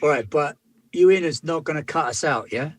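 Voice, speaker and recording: Man, husky, slightly high voice, gruff space-hauler character, in-character tabletop role-play. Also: fairly quick. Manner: gruff working-class space-hauler slang, calls everyone man. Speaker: player.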